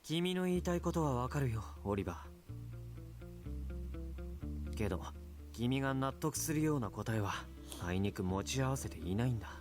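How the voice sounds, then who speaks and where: Dude doing a chill young mafia guy, quick lively voice, game clip with music under it. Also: medium pitch, natural voice. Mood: calm.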